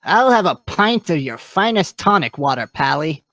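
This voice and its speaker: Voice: medium pitch, very animated, normal speed, a bit bright, no echo, studio quality. A reader voicing a chummy pet gerbil. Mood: friendly. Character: male pet gerbil sidekick, friendly. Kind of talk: live fan fiction read-through.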